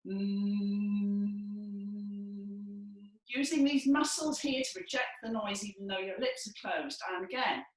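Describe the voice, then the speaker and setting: A woman, possibly from Wales, leading a guided breathing and vocal warm-up in a lively, encouraging, playful way. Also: fairly high pitch, normal speed, hardly any pauses, far from the mic. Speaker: dance and movement leader. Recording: echoey room from afar.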